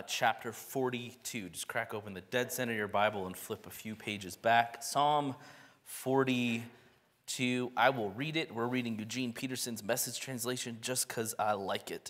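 A young adult man preaching a sermon. He prays softly, reads scripture with feeling, and grows lively and animated when he tells stories. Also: medium pitch, in a large hall. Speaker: pastor. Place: church sanctuary.

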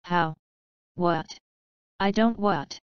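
A woman reading the part of an indignant, sarcastic man who has just died, speaking loudly and snippily. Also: on the low side, very slow, smooth, dry recording, highs cut off. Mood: shaken. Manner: loud and snippy.

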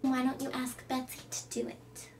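A woman voicing a gloomy goth girl in whispered role-play, flat and deadpan. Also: high-pitched, normal speed, distant mic, slight background noise, lightly acted.

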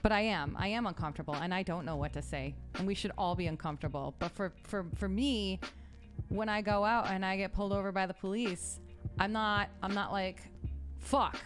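A woman hosting a casual podcast chat, bubbly and quick to laugh, trailing into restarts. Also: medium pitch, soft background music. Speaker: podcast host; opera soprano.

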